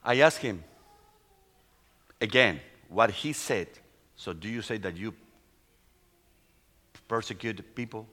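A middle-aged man, a pastor whose first language is Spanish, tells a testimony in a sermon in halting English full of restarts. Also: fairly low pitch, lively intonation, pushed and bright. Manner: non-native English, halting storytelling with restarts.

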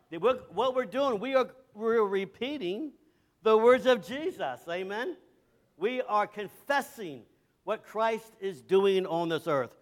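A man preaching at a church camp meeting, fervent, with call and response and slowly stressed repeated phrases. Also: high-pitched, fairly bright tone. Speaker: guest preacher. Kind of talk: revival sermon with call and response.

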